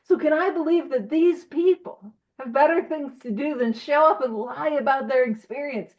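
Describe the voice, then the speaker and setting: A woman leading a recovery study over a video call, animated and self-teasing, asking question after question. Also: sits high, normal speed, muffled recording.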